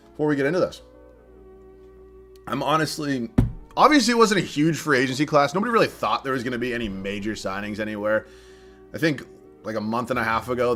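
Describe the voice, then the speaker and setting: A man's voice: fairly low pitch, sharp tone. Young male streamer, casual live commentary, chatty and laughing, faint music under it. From southern Massachusetts. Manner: chatty, thinks aloud, laughs often, reads viewer chat.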